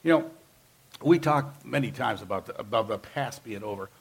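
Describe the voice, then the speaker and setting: A man's voice: fairly low pitch, expressive, moderate pace, gravelly, slightly rough. A man preaching a sermon as pastor, talking to the congregation in an emphatic, conversational way and driving points home with repeated phrases.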